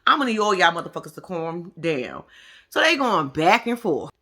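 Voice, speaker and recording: A woman's voice: on the low side, sing-song, normal speed, sharp tone. A woman giving a blunt, profane reaction commentary on a reality show, talking straight to her viewers. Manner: addresses viewers directly.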